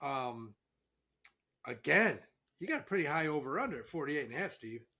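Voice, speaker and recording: Brash betting host dude, kinda high, sharp bright voice, swears, goes on hunches. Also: male voice, big pitch swings, moderate pace. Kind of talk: casual sports betting chat.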